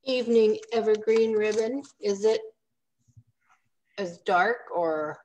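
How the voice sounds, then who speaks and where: A woman's voice: medium pitch, slow pace, a little mellow, lo-fi sound. A woman guest on a crafting live stream, chatting casually and asking curious questions. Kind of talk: casual chat.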